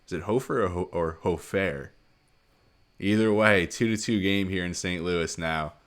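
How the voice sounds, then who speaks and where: A man giving play-by-play commentary on a hockey video game, calling each play quickly and rising sharply on goals. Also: low voice, clear, resonant tone. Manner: rapid play-by-play, excited surges on goals. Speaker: gaming commentator.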